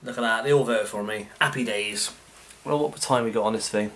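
A man playing a motion-control cooking game, out of breath, swearing and shouting at the controls as he commentates. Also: on the low side, fairly quick, slight background noise. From United Kingdom. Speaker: gaming YouTuber. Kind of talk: let's play commentary. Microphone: facecam with desk mic. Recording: game music playing behind the voice. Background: game music.

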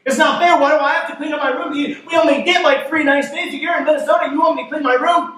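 A man's voice: very high-pitched, fairly even intonation, fast, a bit bright, voice pushed up. A man voicing an angry young boy who protests about cleaning his room, complaining indignantly. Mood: furious, whiny. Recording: echoey sanctuary, mic far off.

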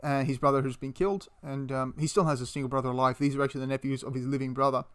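Talking very fast in a smooth, mid-range voice, a man recounts a battle in casual storytelling style for a history video. He's animated, swears, and performs the quotes in character.

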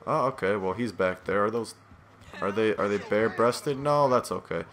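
A man's voice: lowish voice, normal speed, crowd noise. A man giving casual gameplay commentary, rambling, swearing and self-deprecating, sounding tired and yawning.

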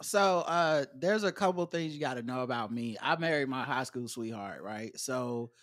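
A man's voice: mid-range voice, expressive, normal speed, fairly bright tone. A man guesting on a podcast, talking in casual chat with emphatic, profane ranting.

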